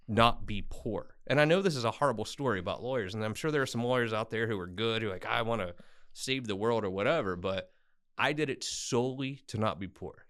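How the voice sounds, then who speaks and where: A man from Tennessee, a guest attorney, telling his story bluntly and with self-deprecating humor in an interview. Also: lowish voice. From Tennessee, USA. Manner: blunt, self-deprecating, animated when quoting people.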